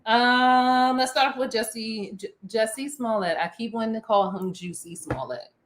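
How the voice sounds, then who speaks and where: Middle-aged woman cohost, slightly high voice, playful chatter with lots of ums. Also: normal speed. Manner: playful, laughs often, lots of fillers. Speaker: podcast co-host. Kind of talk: casual chat.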